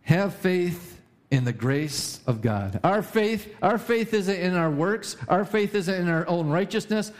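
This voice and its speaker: Emphatic preacher, repeats lines, pitch swings. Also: male voice. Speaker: pastor. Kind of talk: sermon.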